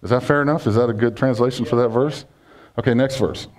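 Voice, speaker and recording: Pastor, male, chatty sermon full of questions to the room, medium pitch. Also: fast, a little mellow. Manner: conversational, jokey, asks congregation questions.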